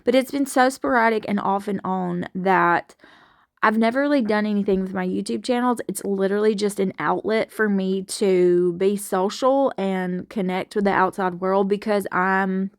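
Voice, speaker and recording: A woman's voice: medium pitch, no room sound, studio quality. Chatty Southern woman from Alabama. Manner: chatty, folksy, frank, with Southern expressions. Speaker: home vlogger and mom. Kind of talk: casual chat to camera while doing chores. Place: home kitchen at the sink.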